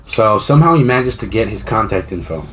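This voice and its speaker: Low-voiced man, rambling profane storyteller. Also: lively intonation, fast talker, a bit bright, slight background noise. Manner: rambling, profane retelling with many restarts. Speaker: podcast co-host. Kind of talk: casual storytelling chat.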